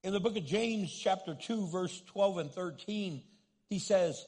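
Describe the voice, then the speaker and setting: A male pastor with a high, husky, gravelly voice delivers a sermon, spinning lively stories before pleading with his listeners. His words ring out through a long reverberant hall. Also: unhurried. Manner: storytelling, acts out quoted voices, joking then pleading.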